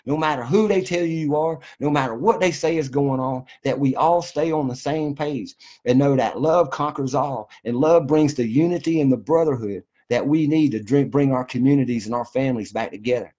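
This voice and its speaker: A man's voice: medium pitch, a little fast, few pauses, dark tone. A man delivering a fervent, profane, folksy monologue to his viewers. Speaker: vlogger. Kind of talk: impassioned monologue to camera.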